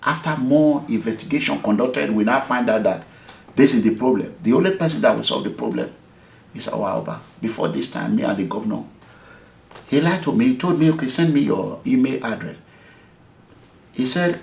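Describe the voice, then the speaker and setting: A man's voice: mid-range voice, fairly quick, creaky. A Nigerian man from Edo State, an activist, giving an interview and telling a story with emphasis, acting out both sides of the conversations he recounts. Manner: animated, emphatic, acts out the dialogue. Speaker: activist, movement leader. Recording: echoey room.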